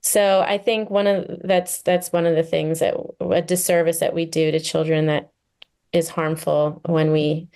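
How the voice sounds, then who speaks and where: A therapist joins a casual podcast as a guest, earnest and talkative, full of fillers and quick laughs. She speaks in a deep, darkish voice with little pitch movement.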